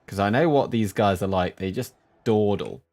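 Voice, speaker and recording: A man streaming a strategy game, chatting with viewers between sudden excited outbursts. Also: fairly low pitch, moderate pace. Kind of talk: live gameplay commentary.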